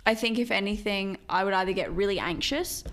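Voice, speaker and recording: A woman's voice: mid-range voice, a little fast. A young woman co-hosting a podcast, talking casually and rambling with many restarts. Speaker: podcast co-host. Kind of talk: casual chat.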